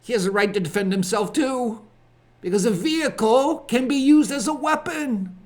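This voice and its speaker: Hosting a ministry show, a man with an extremely high-pitched, lively voice delivers a spoken commentary monologue. His delivery is slow and deliberate, built on emphatic repeated phrases.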